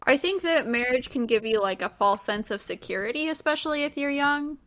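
A woman's voice: high voice, animated, brisk, a bit bright. A young woman co-hosting a casual podcast, chatty and filling her talk with "like". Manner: chatty, peppered with "like". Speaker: podcast co-host.

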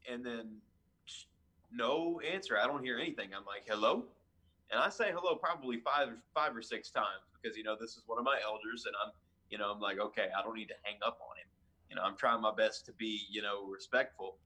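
Husky, bright-voiced young minister man. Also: fairly low pitch, brisk. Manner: chatty, animated retelling with fillers and restarts. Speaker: youth minister. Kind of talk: casual storytelling.

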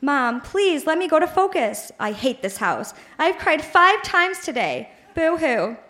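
A woman's voice: high voice, sing-song, unhurried, bright, forceful tone. A woman in her late twenties reading her teenage diary aloud at a live show in a bar, dramatic and earnest, with laughter in her voice. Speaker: reader on stage.

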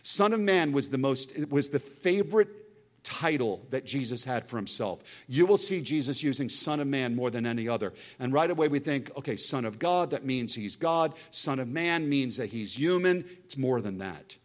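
A male guest preacher gives a fervent sermon in an ordinary mid-range pitch with lively intonation, swinging between loud, emphatic bursts and hushed, intense stretches. Whenever he quotes scripture, he slows way down into a dramatic reading.

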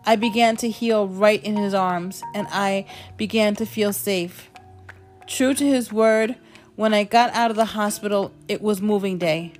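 A woman telling a personal story with strong emotion and dramatic pauses. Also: medium pitch, fairly even intonation. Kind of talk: personal storytelling over music. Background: soft music.

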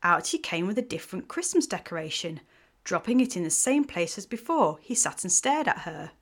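A woman reading a romance story aloud in an even, measured way. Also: lowish voice. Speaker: host and story narrator. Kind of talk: scripted story narration.

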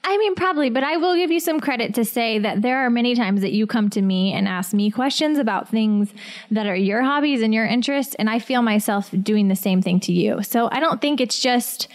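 A woman in her thirties co-hosting a casual podcast, chatty and animated, laughing often as she tells stories. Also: on the high side, brisk. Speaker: podcast co-host. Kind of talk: casual chat.

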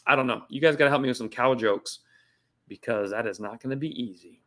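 A man's voice: medium pitch, a little fast, a bit bright. A man hosting his weekly comedy show from a hotel room, talking in a jokey, self-mocking way and reading viewer comments between punchlines. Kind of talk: casual comedic livestream monologue.

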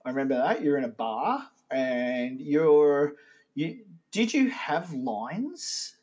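Australian host, animated pitch, teasing comedy banter. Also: male voice, rough recording. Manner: playful, teasing, quick to laugh. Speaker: podcast co-host. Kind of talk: casual comedy chat.

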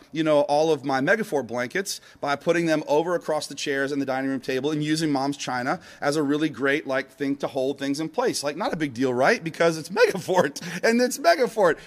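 A middle-aged man preaching a casual, upbeat sermon to a live congregation, talking loosely with fillers and asides. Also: a little high. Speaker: pastor. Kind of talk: conversational sermon. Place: church service before a live congregation.

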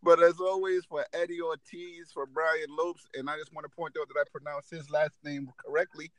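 A man's voice: on the high side, little pitch movement, moderate pace, rough recording. A man co-hosting a wrestling podcast, ranting heatedly in casual talk. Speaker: podcast co-host.

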